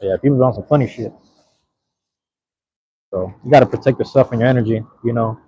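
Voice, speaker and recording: A man's voice: medium pitch, brisk, warm tone, breathy edge, no echo. A man chatting casually to his live-stream audience while eating, laid-back and slangy, talking to viewers in the chat.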